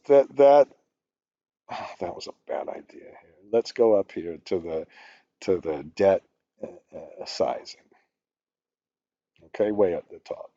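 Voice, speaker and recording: A man's voice: mid-range voice, dark tone, no echo. Older male instructor, rambling and cranky, dull dry muffled sound. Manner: rambling, ranting, swears when annoyed. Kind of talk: screen-recorded spreadsheet tutorial.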